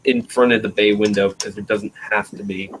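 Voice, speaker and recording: A man from northeastern Pennsylvania, USA, hosts a casual stream, chatting in a laid-back way and thinking aloud as he builds a toy train station. His voice is lowish and steady, at a normal speed, with a noisy background.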